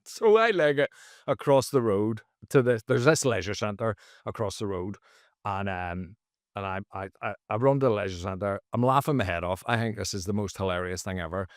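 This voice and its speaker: A man, a comedian guest on a podcast, telling a story casually and jumping into high, loud voices for the people he quotes. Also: animated, normal speed, dry recording, clean studio sound. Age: adult, former teacher.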